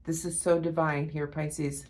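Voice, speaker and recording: A woman giving a spiritual tarot reading to her viewers, awed and emotional, repeating herself and often breaking off with a soft "wow.". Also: sits low, level tone, measured pace. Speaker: tarot reader.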